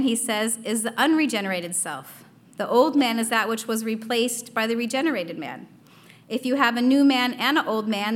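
A woman's voice: fairly high pitch, fairly bright tone. A young adult woman giving a casual devotional talk, earnest, reading quotations aloud with frequent fillers.

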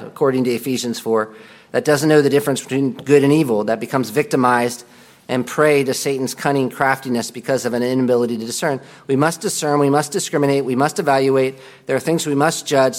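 A man teaching a Bible class in a conversational way, reading quotations aloud and commenting on them. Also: mid-range voice.

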